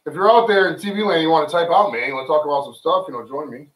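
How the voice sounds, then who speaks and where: On a home livestream with friends, a man chats in a very fast, fairly bright voice that runs on the high side with lively intonation. He is loose, profane, and joking off the cuff, and the distant mic gives a roomy sound.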